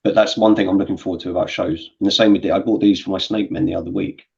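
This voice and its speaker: A man's voice: sits low, fairly even intonation, rapid-fire, gravelly, a little mellow. A man chatting casually about toy collecting, rambling with frequent restarts. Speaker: toy collector stream co-host. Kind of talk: casual chat. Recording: muffled lo-fi call audio.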